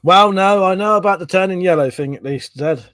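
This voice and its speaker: A man's voice: sits high, a little fast, fairly bright tone, no echo. A middle-aged man hosting a casual live stream, swearing freely, laughing often and chatting about viewers' comments.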